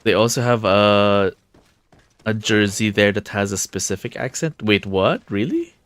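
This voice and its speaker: A man's voice: fairly low pitch, expressive, measured pace, a bit bright, slight background noise. A man streaming a video game, chatting casually with his viewers, laughing often and tripping over his words. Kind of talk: casual live-stream chat.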